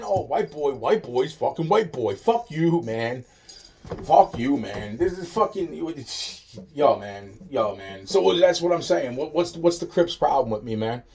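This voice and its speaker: A man's voice: mid-range voice, lively intonation, measured pace, darkish tone, a little hiss or hum. A man delivering a rambling, agitated monologue, swearing constantly and repeating himself. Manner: profane, agitated, repetitive ranting.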